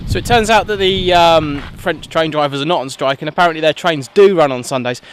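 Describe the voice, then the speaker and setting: A man's voice: fairly high pitch, a little fast, background noise. A man chatting casually in a vlog, in a self-deprecating way, from a car and by the roadside. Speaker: vlogger. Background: music.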